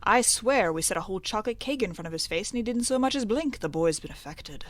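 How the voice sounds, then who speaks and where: A woman's voice: medium pitch, animated, fast talker, pitched above the performer's own voice, natural voice. A woman voicing gossiping small-town folk. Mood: gossipy. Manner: chatty, old-fashioned.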